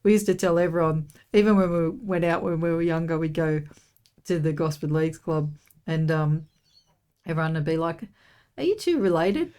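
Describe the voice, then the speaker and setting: Middle-aged Australian woman, low-pitched, rambling chatty guest on a casual podcast. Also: little pitch movement, normal speed, clear, resonant tone. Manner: warm, rambling, many "you know"s. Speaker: podcast guest, host's mother. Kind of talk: casual chat.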